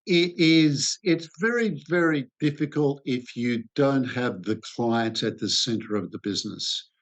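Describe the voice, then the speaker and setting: An Australian man in his sixties, a sales expert answering interview questions in a thoughtful way, pausing often with "uh". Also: medium pitch. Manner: thoughtful, hesitant with many "uh" fillers.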